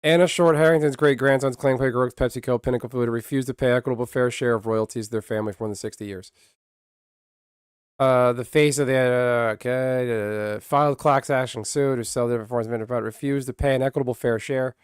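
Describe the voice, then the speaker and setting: A man talks casually on a livestream, ranting bluntly with frequent swearing and restarts. His voice sits at an ordinary middle pitch. The sound is dry and close to the mic. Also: fairly even intonation, fairly quick, clear, resonant tone, dry recording. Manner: blunt, profane, rambling with many restarts. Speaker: streamer.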